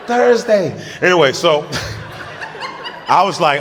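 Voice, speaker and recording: A man performs a stand-up story with a lively, slightly high voice. He laughs through his own lines and bursts into loud acted-out moments. The sound rings with a long reverb, with faint noise behind. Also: takes it slowly, pauses often. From United States. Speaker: stand-up comedian.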